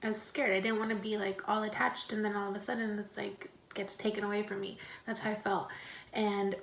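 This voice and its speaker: A woman's voice: medium pitch, little pitch movement, normal speed, creaky. Young woman vlogger, casual storyteller, lots of fillers, recorded in a roomy space with echo. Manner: chatty, many fillers and "like". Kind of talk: casual personal storytelling to camera. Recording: echoey room.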